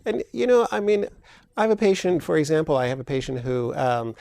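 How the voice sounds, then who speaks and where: Male surgeon guest, gravelly voice, measured explainer, dry close studio sound. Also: fairly high pitch, very animated, darkish tone, no echo. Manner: measured, explanatory, with frequent fillers. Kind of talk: interview answers.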